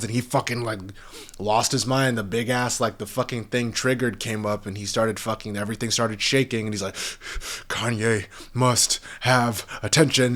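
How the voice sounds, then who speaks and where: A man's voice: fairly low pitch, a bit bright. A young man hosting a podcast, ranting in a rambling, heated way and swearing heavily. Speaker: podcast host. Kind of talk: profane casual podcast rant.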